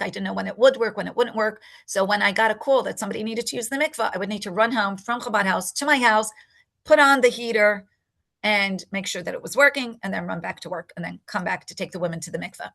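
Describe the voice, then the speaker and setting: Older woman telling a story, gravelly. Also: medium pitch. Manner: animated storyteller, acts out quotes. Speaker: rebbetzin and mikveh attendant. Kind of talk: personal storytelling talk.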